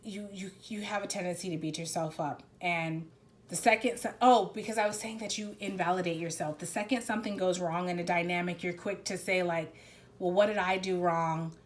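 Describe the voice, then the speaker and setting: A woman's voice: fairly low pitch, steady tone, fairly quick. A woman giving a spiritual card reading in a casual, rambling, emphatic way, often restarting her sentences. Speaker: tarot reader.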